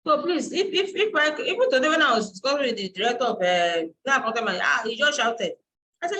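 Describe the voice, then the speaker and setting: Bright-voiced woman lecturing a class. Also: sits high, lively intonation, a little fast, poor audio. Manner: explanatory, searching aloud for terms. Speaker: university lecturer and dean. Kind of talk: live online class lecture.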